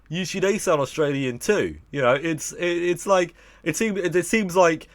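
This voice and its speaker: A man's voice: a little high, fairly bright tone, no room sound. Chatty English young man on a livestream. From England. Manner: rambling, swearing, jokey. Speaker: livestream host. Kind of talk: casual livestream chat with viewers.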